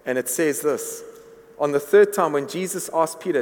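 A man delivers a sermon in a large church hall, his voice trailing off into a long reverb. He speaks earnestly and sits a little high in pitch for a man, and he often stumbles over and repeats words while building toward a point. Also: moderate pace, a little mellow. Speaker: pastor.

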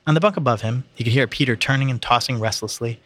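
A man's voice: medium pitch, fast talker, fairly bright tone. A man reading a novel aloud in a plain, unpolished way, with slips and restarts. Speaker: reader.

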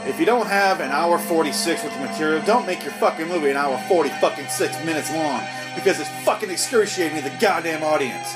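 A fed-up man tears into a movie in an unscripted, profanity-laden rant, piling up his complaints one after another. His voice sits a little high. Music plays clearly behind him throughout. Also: fast talker, hardly any pauses, rough recording. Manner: profane, ranting, exasperated; mocking impressions of characters. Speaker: movie reviewer. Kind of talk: angry unscripted movie review.

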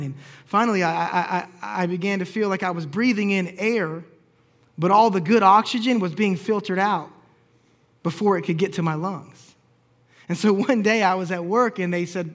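High-voiced man preaching a personal story. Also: normal speed, a bit bright. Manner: storytelling, acts out quoted dialogue with humor. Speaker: pastor.

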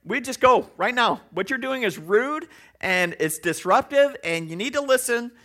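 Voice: mid-range voice, lively intonation, moderate pace, a bit bright, voice pushed up. A preacher quoting a stern man scolding rowdy boys. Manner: firm, scolding. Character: stern male church helper lecturing unruly boys.

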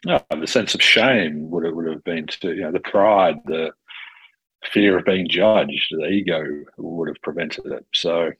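Gravelly husky guy chatting, keeps restarting sentences, acts out dialogue, dry close mic. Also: sits low, measured pace, no echo, dull audio. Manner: animated, self-interrupting, acts out quoted dialogue, swears casually. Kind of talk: casual conversation.

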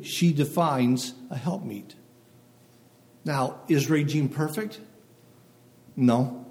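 A man's voice: a little high, a little mellow. A man preaching a sermon to a congregation in short phrases, reading scripture aloud and checking in with listeners. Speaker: pastor. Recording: long hall reverb.

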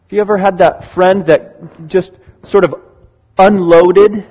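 A man, a church elder, preaching a sermon in an earnest, pastoral way with slow, emphatic pauses. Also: high voice, steady tone, muffled recording.

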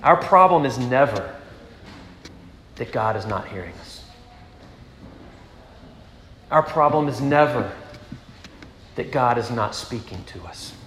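A pastor preaching a sermon to his congregation, earnest, moving between strong emphasis and hushed rhetorical questions. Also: medium pitch, expressive, slow pace, pauses often. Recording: echoey hall with background noise.

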